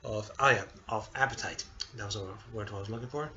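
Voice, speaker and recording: Halting tearful young man, lo-fi. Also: fairly low pitch, bright, forceful tone. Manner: halting, hesitant, many restarts and apologies. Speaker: vlogger. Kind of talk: casual personal update.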